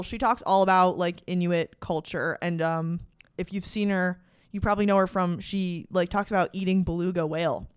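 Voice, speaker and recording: A woman's voice: on the low side, smooth, dry recording, studio quality. A young adult woman hosting a podcast, retelling a story in casual, profane, slang-filled chat with dramatic emphasis. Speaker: podcast host.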